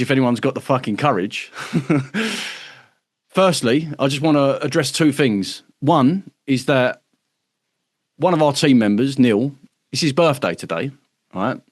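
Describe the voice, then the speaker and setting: A man from the United Kingdom, medium-pitched, hosts an online workshop and talks casually to members over a livestream. He's emphatic, swears freely, adds tag questions like "right?", and acts out other people's voices. The audio is studio quality with no room sound.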